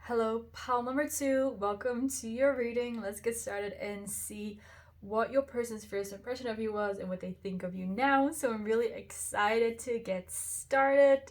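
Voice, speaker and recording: A woman's voice: on the high side, moderate pace. A woman hosting a pick-a-card tarot reading, talking straight to the viewer in an effusive, reassuring way and often exclaiming over the cards. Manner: warm, reassuring address to the viewer. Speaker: tarot reader, channel host.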